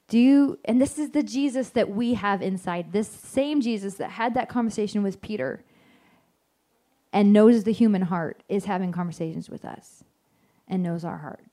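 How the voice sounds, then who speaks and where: A woman's voice: medium pitch, moderate pace, mellow. A woman giving an informal devotional Bible teaching, chatty and self-correcting, often acting out the lines she quotes.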